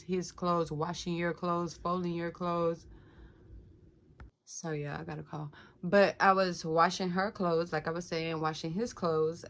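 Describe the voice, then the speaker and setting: Young woman, lowish voice, telling her story to viewers real casual, lots of "like" and "y'all". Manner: casual, addresses viewers as "y'all", many "like" fillers.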